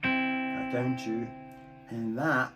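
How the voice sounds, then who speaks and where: A man's voice: mid-range voice, steady tone, drawn-out words, low-quality recording. A man giving a casual guitar lesson, thinking aloud and joking about his own playing, recorded on a phone. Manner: chatty, thinking aloud, self-deprecating. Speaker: guitar teacher. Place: home room, guitar played between phrases. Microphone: phone mic. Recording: loud electric guitar and drum loop behind.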